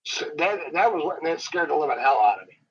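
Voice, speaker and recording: A man, a professional wrestler, telling his encounter stories in a rambling, dramatic way that slows down for suspense. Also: a little high, sing-song, a crowd in the background. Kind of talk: animated storytelling. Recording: dull lo-fi interview audio.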